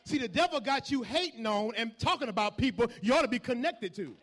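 A man preaching a sermon, building from quiet asides to loud call-and-response shouts. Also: very high-pitched, expressive, brisk.

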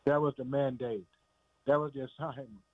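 A man's voice: mid-range voice, fairly even intonation, moderate pace, no echo. Male preacher, emphatic and repetitive sermon delivery, dry, tinny phone-line sound. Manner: repetitive, emphatic, calls listeners "man" and "boy".

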